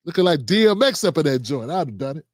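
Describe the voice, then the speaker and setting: A man's voice: fairly high pitch, very animated, fast talker, no echo, studio quality. A man hosting a livestream show, reading out viewer comments and signing off in a loose, slangy, chatty way. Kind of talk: casual sign-off and comment shout-outs.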